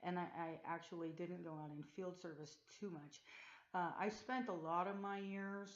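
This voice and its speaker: A woman giving an earnest, halting personal testimony to a webcam, with many pauses and fillers, recorded in a room of a group home on a loaner computer's built-in mic. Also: lowish voice, steady tone. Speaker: former Jehovah's Witness telling her story. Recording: echoey room, dull lo-fi laptop mic.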